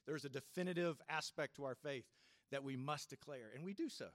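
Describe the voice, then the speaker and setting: Male pastor, slightly high voice, dry close sound; reflective sermon delivery, gentle laughs, swings between firm and hushed. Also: dry recording. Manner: reflective, unhurried, with soft laughs and sudden shifts from loud to quiet.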